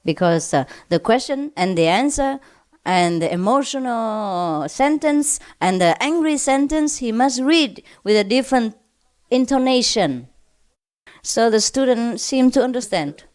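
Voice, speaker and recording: Slow, laughing woman telling jokes. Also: fairly high pitch, animated, darkish tone. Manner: playful, often laughing at her own jokes; halting, with many "uh" pauses. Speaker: spiritual teacher. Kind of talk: lecture telling jokes to an audience.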